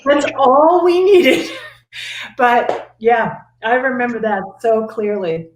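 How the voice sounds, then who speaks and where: Animated woman telling a story, echoey room. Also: on the high side, takes it slowly, slight background noise. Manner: animated, laughing, acts out quotes. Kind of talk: casual storytelling chat. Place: Sedona, Arizona.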